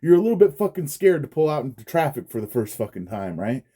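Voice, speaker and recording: Profane, dark-voiced man ranting. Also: mid-range voice, very animated, quick pace, breathy edge. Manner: profane, frustrated, laughs often. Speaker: vlogger. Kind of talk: casual storytelling rant.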